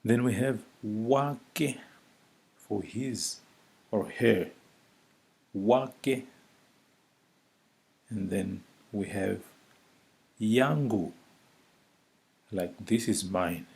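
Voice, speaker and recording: A man teaching a vocabulary lesson, saying each word slowly and repeating it several times for the listener. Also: on the low side, creaky, darkish tone. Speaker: language teacher. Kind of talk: slow spoken vocabulary lesson.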